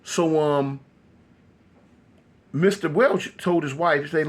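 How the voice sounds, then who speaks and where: A man telling a horror story casually, animated and loose with many fillers. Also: fairly high pitch, slow, pauses often.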